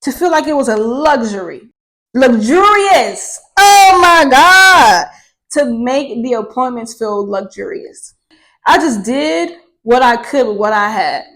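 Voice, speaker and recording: A young woman vlogger telling her own life story to camera in a candid, profane, animated way. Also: a little high, normal speed, low-quality recording. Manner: candid and profane, swears freely; animated, with laughter.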